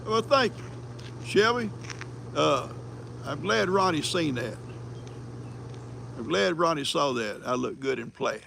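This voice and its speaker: A man's voice: on the high side, lively intonation, slow pace, creaky, long pauses, bright, forceful tone, slight background noise. An older man with a country accent, hosting a livestream in folksy, rambling casual chat and reading viewer comments. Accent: American country. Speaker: livestream host.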